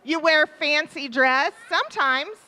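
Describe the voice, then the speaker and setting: A woman leading a children's time in a church service, asking the children questions and warmly repeating their answers, speaking into a microphone in the sanctuary. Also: high voice, lively intonation, measured pace. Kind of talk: interactive children's talk with questions. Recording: reverberant church hall.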